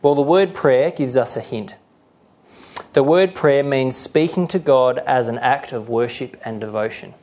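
A man's voice: medium pitch, unhurried, a little mellow. A middle-aged male pastor preaching a sermon earnestly, sometimes acting out the voices he quotes.

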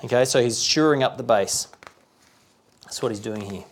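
A man's voice: mid-range voice, normal speed. A man preaching a sermon, talking conversationally and checking in with rhetorical questions.

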